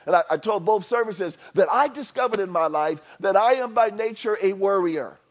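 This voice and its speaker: A man with a high, bright-sounding voice preaches a sermon in a church. He repeats himself for emphasis and drops into chatty asides. Then he builds up to near-shouting. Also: moderate pace. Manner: animated, swinging from soft to near-shouting. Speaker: pastor.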